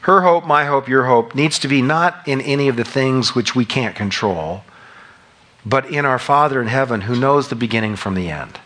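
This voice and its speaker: A middle-aged man preaching a conversational sermon, animated, with emphatic rising peaks. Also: mid-range voice, normal speed. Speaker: pastor.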